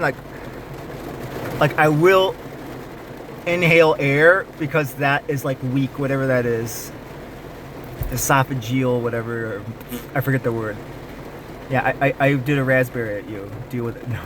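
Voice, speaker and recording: A man speaks candidly to camera in a casual personal vlog. He rambles and restarts often, in a voice of middling pitch. Faint rain patters in the background. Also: noisy background.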